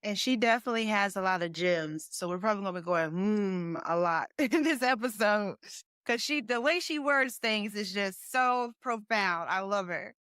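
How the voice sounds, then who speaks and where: A woman's voice: medium pitch, moderate pace, hardly any pauses, smooth, no room sound, studio quality. A woman hosting a podcast, asking questions with enthusiastic reactions. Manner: enthusiastic, warm reactions to the guest. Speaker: podcast host. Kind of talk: podcast interview conversation.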